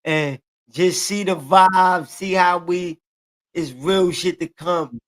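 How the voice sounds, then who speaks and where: A man's voice: high-pitched, takes it slowly, a bit bright. A man in his forties in loose, profane, boastful casual banter. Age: 40s. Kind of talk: casual chat.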